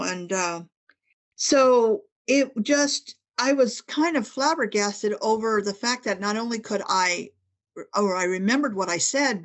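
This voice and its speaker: A middle-aged woman, a guest author on a paranormal podcast, telling a personal story in casual conversation and acting out the dialogue of others. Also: mid-range voice. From Northern California. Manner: animated storytelling, quoting others in dialogue, frequent restarts.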